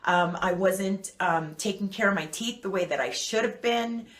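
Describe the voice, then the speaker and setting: A woman's voice: medium pitch, normal speed. A woman hosting her own channel, talking casually and rambling with lots of fillers. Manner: chatty and rambling, with many fillers. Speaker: channel host. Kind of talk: casual talk to camera. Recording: echoey room.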